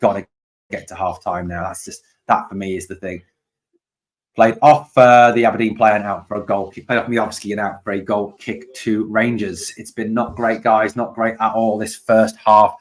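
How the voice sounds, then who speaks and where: A man hosting a live fan watch-along of a football match. He calls the play, chats with viewers about their comments and sometimes shouts at his team in exasperation. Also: on the low side, fairly even intonation, moderate pace. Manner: chatty, reads out and answers viewer comments. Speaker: fan channel host.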